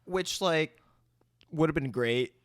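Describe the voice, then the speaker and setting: A man's voice: on the high side, takes it slowly, dry recording, clean studio sound. A man co-hosting a casual movie podcast, talking in a laid-back way with plenty of swearing. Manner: laid-back, swears a lot, laughs along. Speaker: podcast co-host. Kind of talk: casual movie recap chat.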